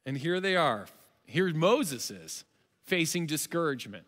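A man preaching a sermon as pastor, telling the story with lively, animated delivery and acting out its characters. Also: a little high, a little slow, long reverb tail. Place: church auditorium.

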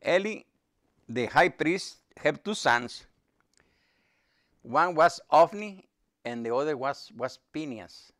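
A man slowly retelling a Bible story to a group in halting, broken English. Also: a little high, animated, fairly bright tone. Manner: halting, with broken English grammar and many pauses. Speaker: lay speaker.

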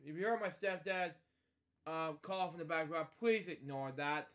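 Man, somewhat high voice, casual storybook reading, rambling asides, stumbles. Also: moderate pace, a bit bright. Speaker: storyteller host. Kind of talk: casual reading aloud of a picture book. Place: at home.

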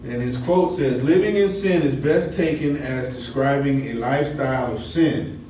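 A man leads a Bible class in a conversational way, pausing to check in with his listeners. He sounds set back from the mic in a very echoey room. A faint hum of room ambience sits behind him. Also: mid-range voice, a little mellow, distant mic. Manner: conversational, asks the class questions. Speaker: Bible study teacher. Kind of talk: teaching a Bible lesson.

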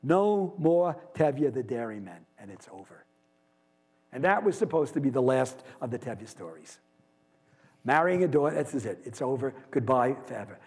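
A man giving a university literature lecture, lively and posing rhetorical questions to his class. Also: mid-range voice, moderate pace, husky.

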